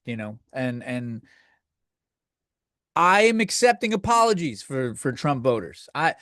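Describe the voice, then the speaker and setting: This comedy podcast host rants crudely and sardonically, wandering from point to point. His mid-range, fairly bright voice swings widely in pitch and moves a little slowly. The sound is studio quality with no echo.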